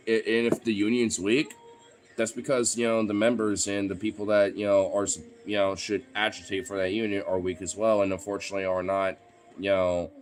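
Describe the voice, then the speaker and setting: A man talking in a casual, rambling monologue, swearing often and getting heated, with lots of "you know" fillers. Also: fairly low pitch. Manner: profane, heated ranting with frequent fillers.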